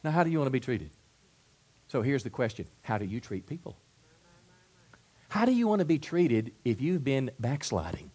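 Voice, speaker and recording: Pastor preaching with rising build-ups. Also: male voice, mid-range voice, sing-song, normal speed, long pauses, slightly rough. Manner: repeats words and restarts, acts out quoted voices; varies loudness widely, soft asides to loud build-ups. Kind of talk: sermon.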